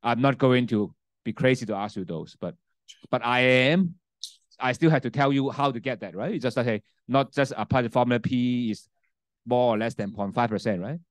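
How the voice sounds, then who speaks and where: A male university lecturer, native in Cantonese, delivers a classroom lecture with a software demo in a spreadsheet. He speaks in a mid-range voice at a moderate pace, checking in with "okay?" and "right?" and restarting sentences. There is no echo; he uses a handheld mic, at times setting it down.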